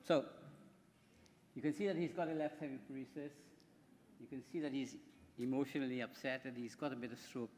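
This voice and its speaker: Man presenting in a reverberant hall. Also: medium pitch. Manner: chatty, rambling, with repeated words. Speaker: doctor giving a conference talk. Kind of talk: conference presentation. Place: conference hall. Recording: hall reverb from a microphone in a conference room.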